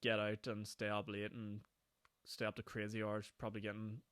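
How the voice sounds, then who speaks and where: A young Northern Irish man hosting his own podcast, talking fast and rambling from one thing to the next with frequent laughs. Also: on the low side, completely flat delivery, fairly bright tone, clear, resonant tone, dry recording, clean studio sound. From Northern Ireland. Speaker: podcast host. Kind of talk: casual solo podcast chat. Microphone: podcast microphone.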